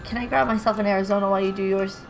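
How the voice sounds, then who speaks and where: A woman's voice: medium pitch, steady tone, racing, vocal fry, soft background music, poor audio. A woman co-hosting a casual podcast, joking and swearing as she rates a horror movie. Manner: joking, laughing, swearing, fillers. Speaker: podcast co-host. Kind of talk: casual movie review chat.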